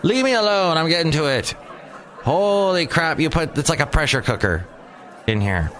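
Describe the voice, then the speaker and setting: A man's voice: fairly high pitch, very animated, moderate pace, a bit bright. A man in his forties hosting a solo podcast, rambling with jokes and asides. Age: 40s. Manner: rambling, joking, wandering asides. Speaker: podcast host. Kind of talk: casual solo monologue. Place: small hot room.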